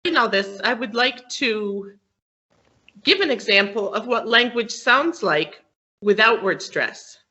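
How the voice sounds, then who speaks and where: This guest teacher on a video call has a fairly high, animated voice that sounds pushed and bright, and she speaks slowly. Giving an online lesson on English word stress, she works through it patiently, step by step, checking in with frequent "okay?" questions, all over dull, lo-fi call audio.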